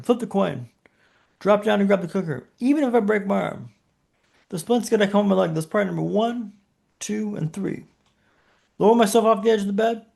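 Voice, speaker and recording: A man with a notably high voice and a gravelly, fried edge tells a personal story as a podcast guest. He builds tension with short punchy phrases and rhetorical questions. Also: darkish tone.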